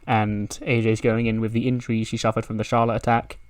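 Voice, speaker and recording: A man's voice: on the low side, little pitch movement, fairly quick, clear, resonant tone, no echo. A man casually recapping a wrestling simulation game in a loose, chatty way, swearing offhand. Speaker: game video creator.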